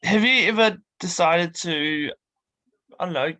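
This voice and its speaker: A man hosting a casual interview podcast, relaxed with short affirming replies. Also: sits high, measured pace. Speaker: podcast host.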